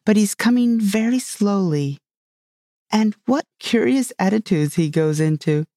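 A man's voice: high-pitched, expressive, slow pace, gravelly, mellow, no room sound, clean studio sound, voice pushed up, heavily acted. Alice, read by a man, a polite, eager girl's voice. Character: curious, polite young girl. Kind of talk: storybook reading.

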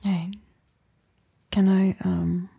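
A young woman in a whispered role-play, teasing and commanding with soft laughs, then gentle and reassuring, close to the mic. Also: fairly low pitch, little pitch movement, extremely slow, no room sound. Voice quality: breathy whisper. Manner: turns gentle and reassuring later. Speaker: audio role-play performer.

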